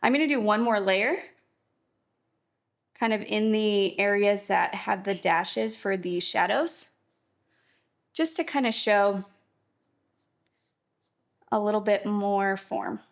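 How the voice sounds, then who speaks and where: A young woman talking a friendly watercolor lesson in an upbeat, reassuring way, dropping in easygoing fillers as she paints. her middle-pitched voice slides into a gravelly fry at the ends of phrases. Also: takes it slowly, pauses often. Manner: chatty, upbeat, reassuring, lots of fillers like "kinda". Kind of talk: casual instructional painting tutorial.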